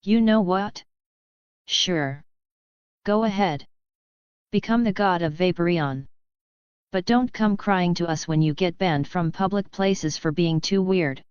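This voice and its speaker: A woman voicing an exasperated, sharp-tongued female spirit. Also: lowish voice, takes it slowly, long pauses, clean tone, dry recording. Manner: scolding, exasperated. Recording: dull lo-fi audiobook audio.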